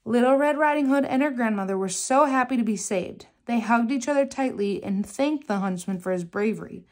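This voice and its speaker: A woman's voice: a little high, fairly quick. Woman reading a children's story aloud. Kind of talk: children's book read-aloud.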